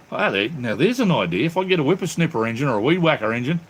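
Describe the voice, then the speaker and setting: An Australian man chats loosely with his live viewers, wandering from thought to thought and tossing in plenty of "mate" and "brother". His voice sits at an ordinary middle pitch. A faint hum of background noise runs underneath. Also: lively intonation, racing, hardly any pauses. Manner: rambling, friendly, calls viewers mate and brother. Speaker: channel host reading live chat. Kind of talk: casual live-stream chat.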